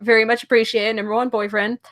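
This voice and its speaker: A woman's voice: on the high side, level tone, fast, fairly bright tone. A woman with a Southern US accent hosting an interview, friendly and reading viewer comments aloud. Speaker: interview host. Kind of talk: casual interview chat.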